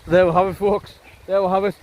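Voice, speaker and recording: A man's voice: high-pitched, level tone, quick pace, a little mellow. A middle-aged man talks casually to camera on a hike, rambling with lots of ums and uhs and some wry teasing of his companion. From Northumberland, England. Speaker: hiking vlogger. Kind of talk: casual walking commentary. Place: windy open hillside outdoors. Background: wind and background music.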